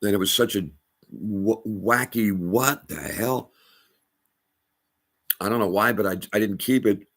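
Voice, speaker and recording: Low-voiced middle-aged guy, halting emphatic testimony, lots of restarts. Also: steady tone. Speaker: storyteller addressing a rabbi. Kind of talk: personal testimony monologue.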